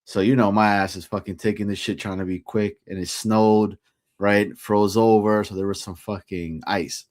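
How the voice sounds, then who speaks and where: A man tells a rambling, profane story in a laid-back way, co-hosting a podcast. His voice sits somewhat low, and the recording is dry with no room sound. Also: steady tone, moderate pace, darkish tone, no room sound. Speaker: podcast co-host. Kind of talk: casual chat.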